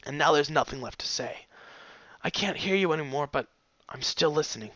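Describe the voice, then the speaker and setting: A man's voice: a little high, expressive, no room sound, highs cut off, voice pushed up. A man voicing Rainbow Dash, a tearful young pegasus. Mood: grieving, tearful. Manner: quiet, halting, broken speech. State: tearful, voice cracking. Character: grieving young female pegasus pony. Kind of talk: audiobook reading of fan fiction.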